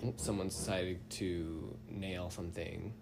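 A man's voice: sits low, steady tone, unhurried, gravelly, background noise. A young man casually telling a story on a podcast, rambling and self-deprecating, often laughing mid-sentence. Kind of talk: casual chat.

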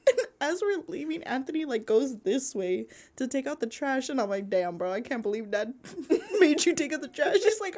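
A young woman co-hosting a podcast, telling animated family stories in casual chat and laughing often. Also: high voice, moderate pace. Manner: animated storytelling, acts out family quotes, laughs a lot. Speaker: podcast co-host.

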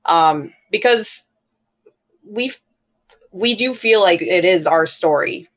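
A woman's voice: on the low side, animated, slow pace, fairly bright tone. A young woman, an author and podcast co-host, speaking hesitantly in an interview with many fillers. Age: young adult. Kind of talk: candid conversational interview.

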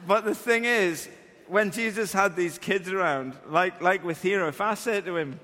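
A man, preaching and telling a funny story about himself in a lively way that acts out the scenes. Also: high-pitched, moderate pace, in a large hall. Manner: animated, self-deprecating, acts out scenes. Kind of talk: humorous sermon storytelling.

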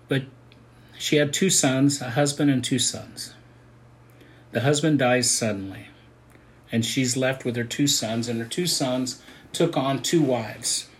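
An older man delivering a sermon in an earnest, conversational manner. His pitch sits in the middle for a man, and he rises with emphasis when he drives a point home. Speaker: pastor.

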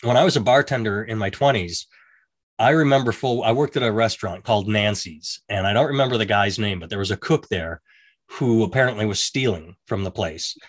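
A man's voice: on the low side, fairly quick, no echo. Rambling man telling stories in casual chat. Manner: rambling, self-interrupting, acts out quoted voices. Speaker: podcast co-host.

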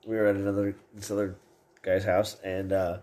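A man's voice: sits low, monotone, fairly quick, warm tone. A man hosting a podcast, casually telling stories in a laid-back way and laughing along. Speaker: podcast host. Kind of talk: casual chat.

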